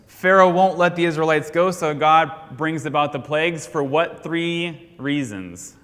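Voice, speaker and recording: Bright-voiced American man quizzing a class. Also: on the high side, measured pace. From United States. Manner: quizzing, leaves sentences hanging for the class to finish. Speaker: Sunday school teacher. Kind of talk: question-and-answer Bible review. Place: church classroom. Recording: long hall reverb.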